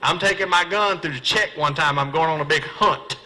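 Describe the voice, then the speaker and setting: A middle-aged man with a Southern US drawl works a live seminar crowd into a stand-up routine. His voice sits slightly high and rings bright and forceful, with a folksy, self-mocking delivery. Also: rough recording. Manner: folksy, self-mocking, quick punchlines, acts out dialogue. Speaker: professional bass angler giving a comedy fishing seminar. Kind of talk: stand-up storytelling to a live audience. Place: seminar hall.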